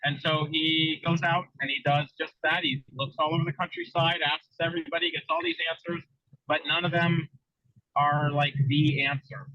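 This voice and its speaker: A man's voice: a little high, level tone, moderate pace, no echo. A man hosting a casual podcast chat, telling a story in a loose way with many fillers, in a dull lo-fi recording. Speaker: podcast host.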